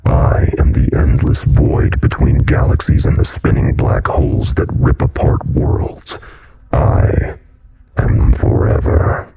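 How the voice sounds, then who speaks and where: A man voicing a menacing monstrous creature in a raspy, gurgling voice with a slow Texas drawl. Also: rumbling low, level tone, warm tone, exaggerated voice. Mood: hissing, gloating.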